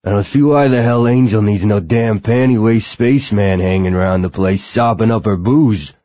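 A man voicing a gruff older male bouncer, a former heavyweight boxer, coarse and contemptuous. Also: low voice, moderate pace, warm tone.

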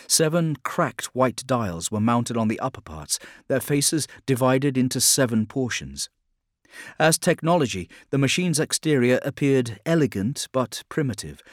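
A man's voice: medium pitch, no room sound, clean studio sound. Man narrating an action story. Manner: measured, dramatic storytelling. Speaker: audiobook narrator. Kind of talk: scripted narration.

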